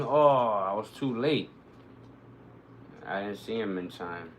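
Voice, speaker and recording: A man streaming live, commenting on his gameplay, who bursts into excited, cursing shouts at the action. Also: on the low side, takes it slowly, low-quality recording. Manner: excitable, swearing, shouting reactions to the game.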